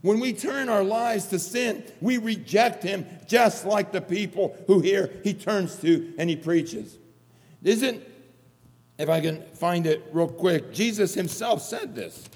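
A man's voice: high-pitched, takes it slowly, darkish tone. A man preaching an earnest sermon, repeating phrases for emphasis. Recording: long hall reverb.

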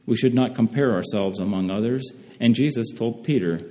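Measured male preacher in a reverberant hall. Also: medium pitch, mellow. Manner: slow, measured scripture reading with restarts. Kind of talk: sermon.

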